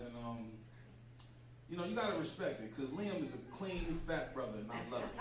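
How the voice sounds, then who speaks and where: Brash comic in an echoey club. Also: male voice, a little high. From Boston. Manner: brash, profane, loud punchlines. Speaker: stand-up comedian. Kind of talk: stand-up set. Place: comedy club stage. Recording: echoey club, distant mic, crowd laughter. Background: audience laughter.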